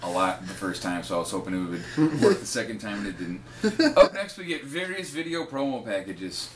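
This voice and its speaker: A man's voice: on the low side, big pitch swings, a little fast, background noise. A man co-hosting a wrestling podcast, recapping matches in casual, profane chat and laughing often. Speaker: podcast co-host.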